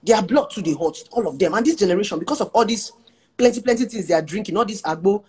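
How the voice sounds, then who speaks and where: Husky Nigerian woman, frank and animated. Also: mid-range voice, fast talker. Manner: animated, frank, laughs while telling stories. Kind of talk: casual chat and personal storytelling.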